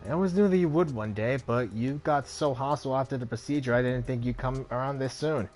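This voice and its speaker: A defensive, aggrieved tattooed hacker, as a man reads him out in a mid-range voice. He sounds exasperated and quick to justify himself, with faint game music underneath. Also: medium pitch, a little mellow, close to an everyday voice.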